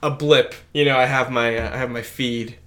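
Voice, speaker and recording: Telling stories on a casual podcast he co-hosts, this man rambles with many fillers and restarts. His voice is medium-pitched and sharp in tone, with fairly even intonation and a moderate pace.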